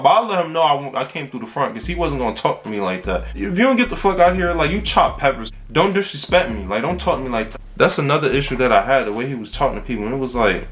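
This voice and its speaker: A man's voice: mid-range voice, expressive, quick pace, hardly any pauses, a bit bright. A young man in his late teens telling a casual, profane storytime vlog about his own life. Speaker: vlogger.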